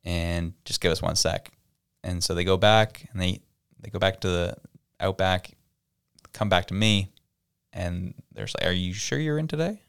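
A man co-hosts a relaxed podcast chat, with a deep voice that is smooth and has a gravelly edge. He tells stories and acts out the people in them. The sound is close and dry. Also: measured pace, pauses often, no echo. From Canada. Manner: storytelling, acts out quoted people. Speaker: podcast co-host. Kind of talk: casual chat.

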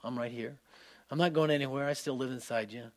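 God speaking low and gentle to a straying believer, calm and patient, unhurried, mid-pitched male voice that stays soft and never pushes. A preacher puts the voice on inside his sermon. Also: close to an everyday voice.

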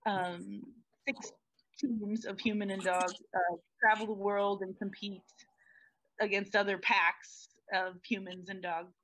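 A woman who works in television, a podcast guest in bright, chatty casual talk. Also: medium pitch, level tone, slow, a little hiss or hum. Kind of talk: casual chat. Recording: dry, dull lo-fi sound.

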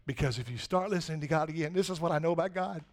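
A male pastor with a high, light voice preaching a fervent sermon. He climbs into loud, urgent stretches, then drops to hushed, almost whispered pleas. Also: very fast.

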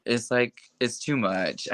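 A young man speaks as a guest in a relaxed interview, frank and chatty and full of casual fillers. His voice sits a little low and has a bright, forward edge. The sound is dry and close, with no room around it. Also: no room sound. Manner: frank, chatty, many fillers like "like" and "you know". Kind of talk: casual conversation.

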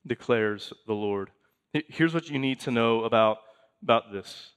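A man's voice: medium pitch, moderate pace, a bit bright, smooth. A man in his thirties, a pastor preaching a sermon in a conversational way, reading scripture aloud and making asides to the congregation.

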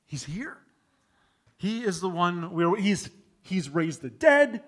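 Male pastor, high voice, emphatic sermon delivery with loud peaks and quiet drops. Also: very animated, slow.

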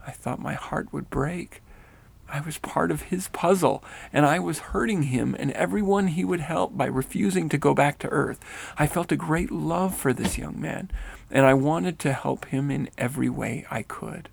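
A man reading a first-person spiritual story aloud in a steady, earnest way. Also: on the high side, normal speed, gravelly, slightly rough.

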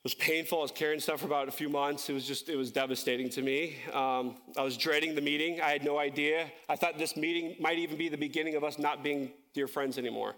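A male pastor delivers a sermon with a fairly high-pitched voice. He is impassioned, stretching out key phrases and rising sharply in pitch, then drops into loose, conversational asides where he corrects himself. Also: fairly even intonation, fast, hardly any pauses, a bit bright.

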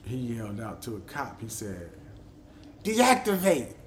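A middle-aged man hosting his own podcast, telling stories in a loose, profane, animated way. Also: lowish voice, brisk, slight background noise. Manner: animated storyteller who acts out quotes. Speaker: podcast host. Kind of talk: casual podcast monologue.

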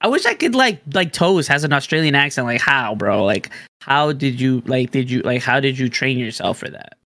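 A man's voice: medium pitch, very animated, normal speed, bright, forceful tone. A man in casual chat with a friend, teasing and laughing often.

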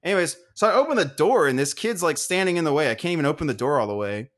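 Young male podcast co-host, lively pitch, swearing rant, slightly high voice. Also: racing. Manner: profane, animated ranting. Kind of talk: casual podcast chat.

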